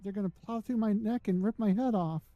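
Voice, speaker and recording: A woman hosting a gaming livestream, chatty and excitable as she plays. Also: mid-range voice, a little fast, no room sound, highs cut off. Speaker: host and gamer. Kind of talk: casual livestream gaming chat.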